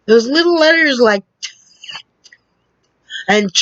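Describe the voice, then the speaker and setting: A woman vlogger lectures into her computer camera from a couple of feet away, taking her time and swinging her pitch widely as she hammers points home with "okay?". The sound is dull and lo-fi, with a dry, close feel and no room echo. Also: animated, slow pace, a bit bright. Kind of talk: direct-to-camera opinion rant. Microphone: camera on a computer two feet away.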